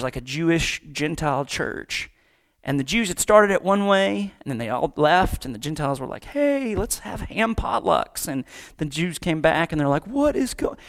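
Guy preaching a chatty sermon, bit of a higher voice, jokes around. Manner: conversational, joking, acts out voices. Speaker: pastor.

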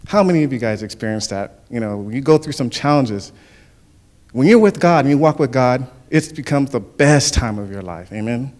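A man sharing his testimony at church, telling stories in an animated way and often chuckling. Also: medium pitch, normal speed. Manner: animated storytelling with frequent chuckles. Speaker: church speaker. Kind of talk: spoken testimony.

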